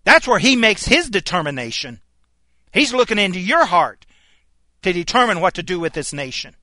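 High, sharp-voiced preaching man. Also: sing-song, normal speed, dry recording. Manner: emphatic, rhetorical questions and hammering repetition. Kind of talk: fiery sermon.

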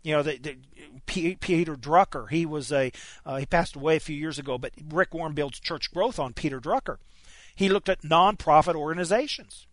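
A man's voice: fairly high pitch, brisk, a bit bright, dry recording. A man preaching a sermon, emphatic and stopping often to restart his words. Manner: emphatic, frequent stammered restarts.

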